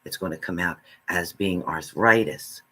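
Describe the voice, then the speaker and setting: Husky low-voiced man giving a spiritual reading. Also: unhurried, pushed and bright. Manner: earnest, repetitive, speaks straight to the listener. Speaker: spiritual reader.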